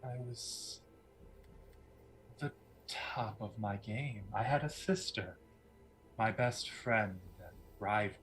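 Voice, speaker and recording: A scarred former queen speaks in a slow, menacing hush, as a man voices her at the game table. Her tone is bright and clear. Every word sounds deliberate and close. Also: on the low side, pitched below the performer's own voice, poor audio.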